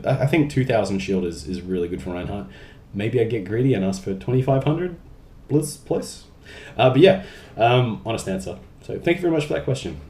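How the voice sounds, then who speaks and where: Lively chatty young man in echoey room. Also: medium pitch. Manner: chatty, jokey, reads questions aloud. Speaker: YouTuber answering fan questions. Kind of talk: casual Q&A vlog. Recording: roomy echo.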